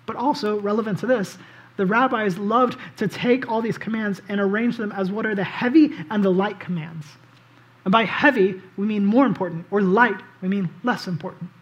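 A man preaching a casual, conversational sermon as pastor. He tells the story in an animated way and often says "like" and "um". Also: high-pitched, normal speed. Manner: animated storytelling, acts out quoted voices; casual, with frequent "like" and "um".

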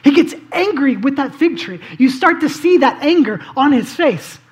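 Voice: high voice, lively intonation, moderate pace. A preacher giving a conversational sermon, telling a scripture story vividly and inviting listeners to picture the scene, with casual fillers along the way. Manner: casual, with frequent "like" and "um".

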